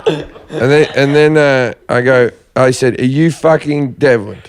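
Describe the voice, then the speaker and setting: Podcast host, male, mid pitch, crude storyteller who laughs freely. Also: measured pace. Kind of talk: crude casual chat.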